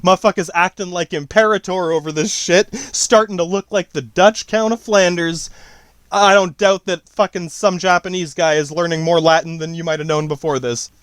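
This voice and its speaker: Guy with a highish voice ranting and cursing on his podcast, dry close sound. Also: fairly even intonation, normal speed, a bit bright, no room sound. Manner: profane, rambling, self-interrupting. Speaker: podcast host. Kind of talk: rambling solo monologue.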